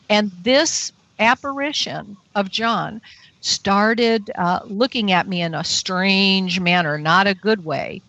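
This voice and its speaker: A woman's voice: medium pitch, takes it slowly, pushed and bright, no room sound. A woman guest on a talk radio show, telling a personal story with animation and acting out her own frightened thoughts.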